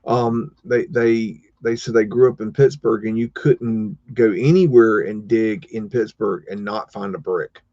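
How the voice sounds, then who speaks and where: A man's voice: on the low side, fairly even intonation, measured pace, hardly any pauses, warm tone, no echo. Laid-back rambling man on a live stream. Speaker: host. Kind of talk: casual live commentary on old photos. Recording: dull, dry lo-fi sound.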